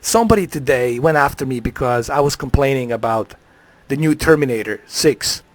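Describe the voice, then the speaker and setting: A man's voice: medium pitch, expressive, normal speed, no echo. Profane ranting male streamer, dry sound. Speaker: live streamer. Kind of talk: ranting live stream monologue.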